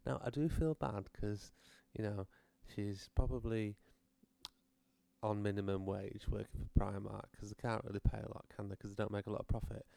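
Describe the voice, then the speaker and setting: Gravelly British man ranting comically. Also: fairly low pitch, dark tone, no room sound. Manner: rambling, sardonic, swears freely. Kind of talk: comedic rant monologue.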